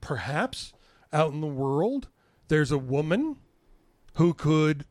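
A man's voice: fairly high pitch, sing-song, slow, darkish tone, no room sound, studio quality. A man co-hosting a podcast with his wife, joking and swearing freely in casual chat. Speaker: podcast co-host.

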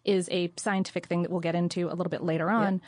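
A woman co-hosting a casual studio chat, talking through history with quick restarts and repeated words. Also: on the low side, fairly even intonation, no room sound. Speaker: podcast co-host. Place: recording studio.

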